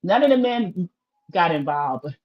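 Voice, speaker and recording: A woman's voice: lowish voice, big pitch swings, moderate pace, muffled recording. A woman hosting a casual livestream recap of a reality show, chatty and opinionated, talking straight to her viewers.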